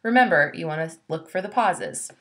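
A woman teacher narrating a classroom lesson, explaining slowly and clearly and reading example sentences aloud. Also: on the low side, lively intonation, a bit bright.

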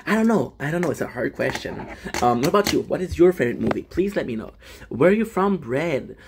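A man's voice: on the high side, big pitch swings, a little fast, creaky, background noise. A young French Canadian man hosting a casual livestream, chatting and greeting viewers by name with frequent restarts. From Quebec, Canada. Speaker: livestream host.

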